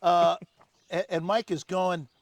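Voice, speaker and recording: Gravelly older man telling stories. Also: high voice, slow pace, dry recording. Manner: animated anecdotes, acting out other people's lines. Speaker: guest. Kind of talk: storytelling in casual conversation. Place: home on Maui.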